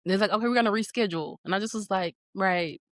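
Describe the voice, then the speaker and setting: Animated woman telling a story. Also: medium pitch, quick pace, dry recording. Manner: animated, acts out quoted voices. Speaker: podcast guest. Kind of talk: casual podcast storytelling.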